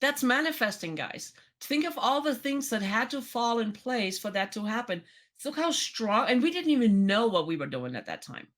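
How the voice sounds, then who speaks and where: A woman's voice: fairly high pitch, big pitch swings, normal speed. Woman, podcast co-host, chatty storyteller, restarts, casual. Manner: storytelling, chatty, many restarts and quoted dialogue. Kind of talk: casual chat.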